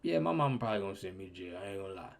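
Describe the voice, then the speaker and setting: A young man giving casual, slangy reaction commentary, his voice swinging between loud outbursts and low mutters. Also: big pitch swings, rapid-fire, creaky. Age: young adult. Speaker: reaction streamer.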